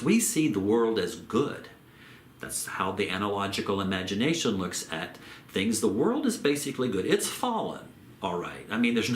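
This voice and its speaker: A man giving a theology lecture in a measured way, repeating phrases and slowing down on key terms. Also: on the low side, echoey room, slight background noise. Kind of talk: recorded lecture.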